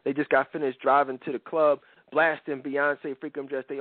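A man's voice: medium pitch, level tone, moderate pace, hardly any pauses, no echo. A man in his forties hosting a radio talk show, speaking bluntly in heavy slang with many restarts and asides. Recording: dry tinny phone-line radio sound.

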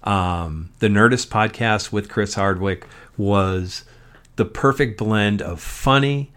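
A man's voice: on the low side, slow pace, fairly bright tone, clear, resonant tone. A man hosting his own podcast, talking alone in a rambling, profane way with frequent ums. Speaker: podcast host. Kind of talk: solo podcast monologue. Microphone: podcast mic.

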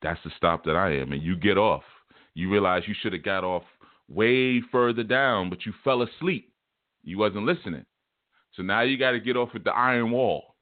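A man's voice: lowish voice, moderate pace, no echo. A man giving an informal spiritual teaching, folksy and colloquial, illustrating his points with homespun stories. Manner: folksy, chuckling, colloquial storytelling. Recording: tinny phone-like dry recording.

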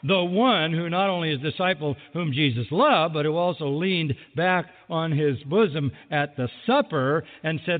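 A man preaching a sermon with lively delivery who acts out the people he quotes, recorded in a large hall. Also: fairly high pitch, moderate pace, hardly any pauses. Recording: phone-like sound with long hall reverb.

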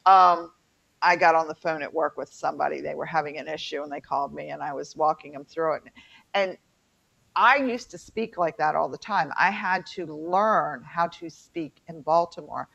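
Gravelly chatty woman with a twang. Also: deep voice, normal speed, fairly bright tone. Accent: Appalachian mountain twang. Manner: chatty storyteller, lots of fillers. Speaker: co-host. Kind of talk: casual chat. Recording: muffled lo-fi audio.

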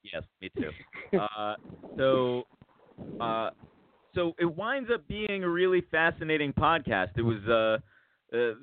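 Speaking slowly with frequent pauses, a very animated man with a medium-pitched voice hosts a podcast and rambles through a long story. He restarts a lot and acts out quotes. There's slight background noise, and the sound is dry and tinny, like a phone.

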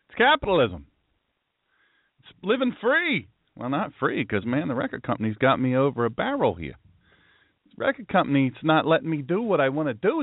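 A man from the US East Coast hosts a solo talk show, his pitch swooping up and down as he jokes with dry sarcasm. His throat sounds tired and sore. The sound is dry and narrow, as if over a phone line. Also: no room sound. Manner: sarcastic and joking, with mock-serious asides. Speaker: pastor and show host. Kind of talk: solo talk-radio monologue.

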